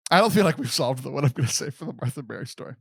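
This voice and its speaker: A man's voice: racing, gravelly, husky, dry recording. Young guy hosting a chatty podcast, bouncy voice, keeps laughing, dry mic. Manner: animated, laughs often, jumps into high comic voices. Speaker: podcast host. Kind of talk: casual chat.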